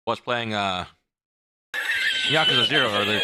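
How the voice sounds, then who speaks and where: A man's voice: lowish voice, takes it slowly, pauses often, heavy background noise. A man streaming and chatting casually, rambling and talking with his mouth full. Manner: rambling, animated, eating while talking.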